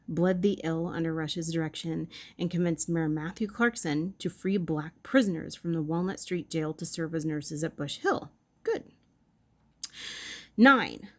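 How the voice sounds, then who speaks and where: A woman with a fairly low voice reads history aloud and keeps breaking off to make playful asides. She stumbles, corrects herself and comments on what she reads. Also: darkish tone. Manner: playful, self-interrupting, reacts to the text. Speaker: video host.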